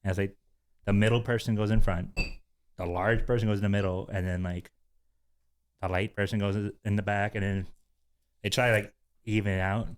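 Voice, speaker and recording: A man's voice: fairly low pitch, steady tone, fairly quick, long pauses, smooth. A man hosting a podcast, telling a story in casual chat, rambling with many fillers and frequent giggles. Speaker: podcast host.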